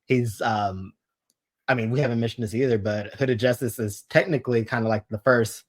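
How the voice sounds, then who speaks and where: A man speaking as a guest reviewer in a casual podcast chat, relaxed and hesitant, with frequent fillers. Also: medium pitch, moderate pace.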